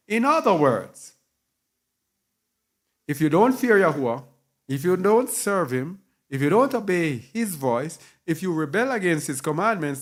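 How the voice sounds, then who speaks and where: Male preacher, slightly high voice, emphatic teaching style with repetition and spelled-out words. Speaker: Bible teacher. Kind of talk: sermon teaching.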